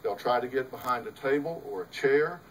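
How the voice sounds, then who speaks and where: A man's voice: mid-range voice, expressive, a little fast, a bit bright, distant mic, a little hiss or hum, poor audio. A middle-aged man, a host and psychologist, giving an emphatic, folksy talk to an audience, full of rhetorical questions. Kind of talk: lecture to a live audience.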